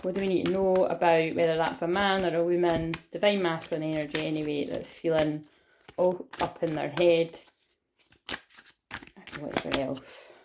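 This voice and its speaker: A woman talks her way through a tarot reading in a loose, chatty ramble that is full of swearing. Her voice sits low and sounds mellow and dark. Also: little pitch movement, normal speed, slight background noise. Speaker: tarot reader. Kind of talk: casual tarot reading to camera.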